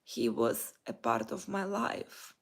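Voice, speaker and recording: Slow, creaky-voiced woman sharing personal thoughts. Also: mid-range voice, sing-song. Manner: slow, halting, heartfelt, with pauses and restarts. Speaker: vlogger and life coach. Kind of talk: personal morning reflection vlog.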